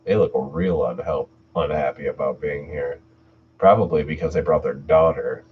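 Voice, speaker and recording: A man's voice: rumbling low, normal speed, a little hiss or hum. A man hosting a live stream, reading horror stories aloud and chatting casually with viewers between them. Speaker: channel host and story narrator. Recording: distant mic, dull lo-fi sound.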